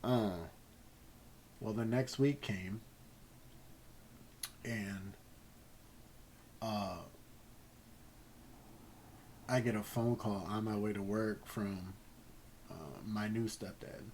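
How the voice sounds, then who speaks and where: A man telling a personal story in a casual, rambling way, halting often and swearing freely. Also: lowish voice, fairly even intonation, a little mellow, a little hiss or hum, low-quality recording. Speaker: gaming channel host.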